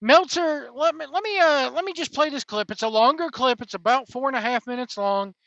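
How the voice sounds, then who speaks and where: A man's voice: extremely high pitch, fairly quick, sharp tone, dry recording, lo-fi sound. Rambling opinionated male podcast host. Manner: rambling, opinionated, repeats himself. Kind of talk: casual commentary monologue.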